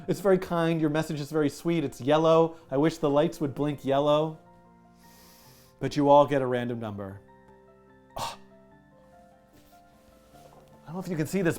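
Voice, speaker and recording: A man hosting a live coding stream, chatting casually, animated and self-mocking, laughing often. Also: a little high, measured pace, long pauses, clear, resonant tone, faint music behind. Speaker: livestream coding host. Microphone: headset with music in his ear.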